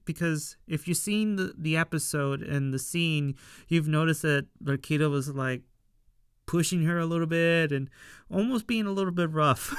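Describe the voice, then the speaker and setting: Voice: medium pitch, clean tone, dry recording, clean studio sound. A show reviewer casually recapping an episode, rambling with frequent fillers and acting out the characters' lines. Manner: rambling with frequent fillers, laughs at own retelling.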